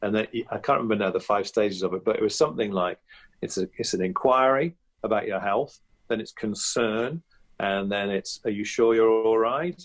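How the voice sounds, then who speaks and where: A guest impressionist chats reflectively on a casual podcast interview, often restarting sentences and using fillers. His voice is lowish and his pace brisk.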